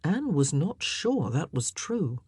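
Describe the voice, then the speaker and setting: A woman reading a historical novel aloud as audiobook narrator, in an expressive, measured storytelling manner. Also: low voice, breathy edge, no room sound, clean studio sound.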